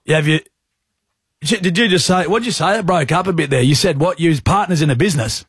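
A man's voice: a little high, fast, breathy edge, dry recording, pitched above the performer's own voice. A man playing a blunt, blokey country stock agent on a prank phone call, with a broad rural Australian accent. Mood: gruff. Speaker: prank caller.

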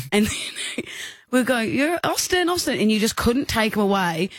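A woman's voice: mid-range voice, measured pace, no room sound. An Australian woman in her thirties chats on air as a radio co-host. She tells stories in a rambling, giggly way. Her close studio mic sounds dry. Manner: chatty storyteller, giggly. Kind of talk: casual radio banter. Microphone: studio microphone.

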